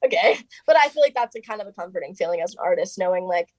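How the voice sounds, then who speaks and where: A woman's voice: fairly low pitch, fast talker, no room sound. Chatty young woman, dry close sound. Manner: chatty, fillers of "like" throughout, quoting others in lively bursts. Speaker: singer and interview guest. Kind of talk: casual interview storytelling.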